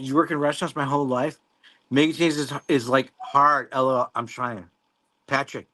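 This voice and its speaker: A man hosts a casual live stream, talking loosely to his viewers as he reads their comments. His voice sits a little high for a man. He rambles, restarts and swears now and then, with plenty of easy laughter. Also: fairly bright tone. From Mexico. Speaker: livestream host. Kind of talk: casual livestream chat reading viewer comments.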